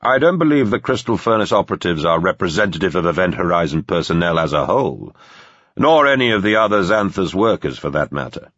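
A man voicing a calm, formal male security chief with a measured manner. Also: low-pitched, no room sound, highs cut off.

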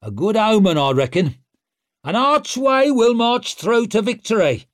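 A brash young warrior king swaggers through his lines, loud and boastful, pitched high with a cocky edge, as a man reads him aloud. The storybook recording is close and dry. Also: sing-song, measured pace, no room sound. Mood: triumphant.

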